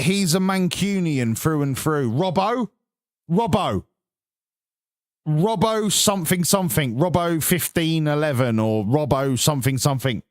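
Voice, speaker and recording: Slow, sweary sarcastic English man. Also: a little high, no echo, clean studio sound. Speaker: stream host. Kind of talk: casual chat.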